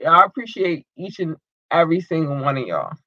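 A man hosting a podcast, giving casual shout-outs to his listeners and talking in a loose, emotional way with a lot of swearing. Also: fairly high pitch, wildly swooping pitch, brisk, no room sound, dull audio. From United States. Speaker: podcast host.

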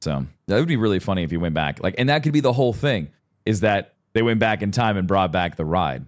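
Lively, animated man telling stories. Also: sits low, quick pace. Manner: animated storyteller who acts out quotes. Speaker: podcast co-host. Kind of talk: casual podcast chat.

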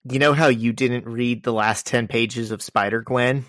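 A man's voice: mid-range voice, steady tone, measured pace, fairly bright tone, no room sound, studio quality. Wry, laid-back man co-hosting. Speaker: podcast co-host. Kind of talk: casual chat.

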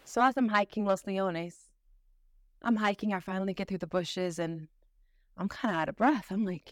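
A woman's voice: mid-range voice, normal speed, no room sound, studio quality. A young adult woman hosting a motivational podcast. She talks in a sisterly, slangy, emphatic way to encourage her listeners. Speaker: podcast host.

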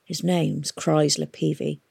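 A woman reading a novel aloud, voicing a blunt, hard-bitten young woman who speaks curtly and flatly. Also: sits low, takes it slowly, vocal fry, breathy edge, no room sound, exaggerated voice. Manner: curt and flat.

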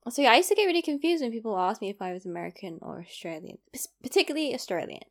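A woman's voice: a little high, sing-song, rapid-fire. A young woman with a British accent, chatting to camera and telling stories about her own experiences. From Britain. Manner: chatty, reflective storytelling. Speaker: vlogger. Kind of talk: casual chat to camera.

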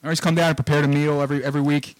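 Fast-talking joking radio co-host. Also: male voice, fairly high pitch, little pitch movement, no room sound, low-quality recording. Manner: quick, joking, runs the phone lines. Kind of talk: casual on-air banter.

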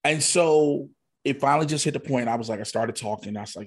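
A man's voice: medium pitch, a little fast. A man, a guest comedian, candidly telling a personal story in a casual podcast conversation, quoting himself and others as he goes.

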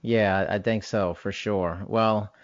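A man's voice: fairly low pitch, fairly even intonation, no echo, lo-fi sound. A man from the United States hosting a podcast interview in a chatty, upbeat way. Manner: upbeat, chatty, with slow deliberate intro phrasing. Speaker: podcast host.

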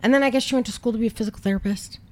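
A woman's voice: a little high, very fast. A woman co-hosting a podcast, telling a true-crime story in casual chat, wry and profane. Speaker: podcast co-host; emergency dispatch worker.

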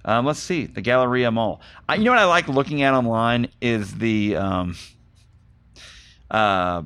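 A man's voice: medium pitch, animated, a little slow, fairly bright tone, smooth. A man hosting a podcast, chatting casually, laughing often and restarting his sentences. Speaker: podcast host. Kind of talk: casual chat.

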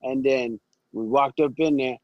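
A man's voice: mid-range voice, measured pace, no room sound, dull audio. A man, a podcast guest, telling his stories casually and animatedly and acting out the people in them. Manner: animated storyteller who acts out quoted voices. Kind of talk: casual storytelling interview.

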